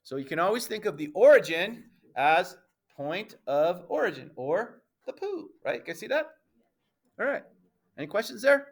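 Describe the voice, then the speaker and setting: A man teaching a middle school math class, playful and emphatic, addressing the students as ladies and gentlemen and checking often that everyone understands. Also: sits high, big pitch swings, normal speed.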